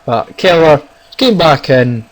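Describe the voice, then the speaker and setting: A man giving casual, excitable commentary on his own football video game, talking to viewers as guys and lads. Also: fairly high pitch, slow, low-quality recording. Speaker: gaming YouTuber. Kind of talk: casual live gameplay commentary.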